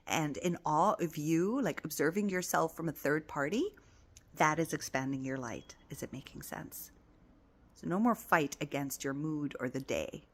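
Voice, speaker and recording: A woman giving a spiritual self-help talk, tender and affirming, often dropping into soft whispers. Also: low voice. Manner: coaxing and affirming, repeating phrases. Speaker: spiritual teacher.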